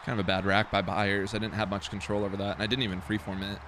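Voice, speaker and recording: A man's voice: lowish voice, little pitch movement, fast talker, fairly bright tone, a little hiss or hum. A young man muttering casual commentary to himself while streaming a football video game, self-deprecating and swearing.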